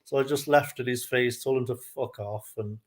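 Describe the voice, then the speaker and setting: A man living in Ireland, telling a long story in a relaxed, chatty way as a guest. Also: mid-range voice, normal speed. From lives in Kerry, Ireland. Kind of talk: casual chat.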